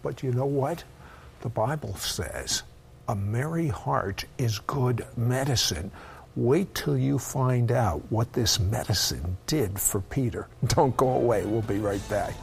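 Gravelly animated man hosting a talk show. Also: medium pitch, slow pace, faint music behind. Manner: animated, playful questioning. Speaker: host. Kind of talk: interview on a faith talk show.

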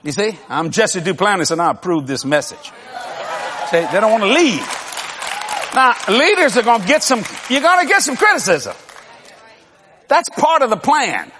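An older man, a pastor, preaching with lively storytelling, acting out dialogue and laughing often. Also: high voice, normal speed, long pauses, long reverb tail, crowd noise, background noise. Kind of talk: sermon.

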